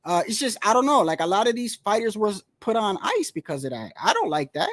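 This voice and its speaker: A man's voice: high-pitched, very animated, a little fast, a bit bright, dry recording, studio quality. A man talking casually about boxing in a rambling, slangy, profane way. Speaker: boxing commentator. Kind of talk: casual solo boxing talk.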